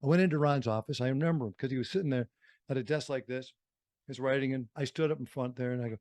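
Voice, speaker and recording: A man from Wisconsin telling stories as a radio guest in a studio, lively and slipping into other voices for quotes. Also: mid-range voice, fast, dry recording. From Fond du Lac, Wisconsin. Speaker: radio host and interview guest. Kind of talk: storytelling interview.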